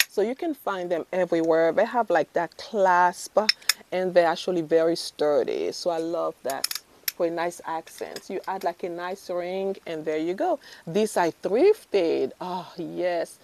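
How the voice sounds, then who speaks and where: A woman's voice: fairly low pitch, dark tone. Chatty woman gushing over jewelry. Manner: gushing, chatty, lots of fillers and self-corrections. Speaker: fashion vlogger. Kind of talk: casual try-on haul chat.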